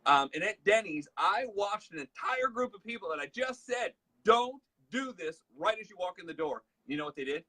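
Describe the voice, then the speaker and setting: A man's voice: high-pitched, lively intonation, fairly quick, few pauses, pushed and bright. A man, hosting a casual leadership talk and telling a story in a chatty way, acting out bits of dialogue. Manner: chatty storyteller, acts out dialogue, many fillers. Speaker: host.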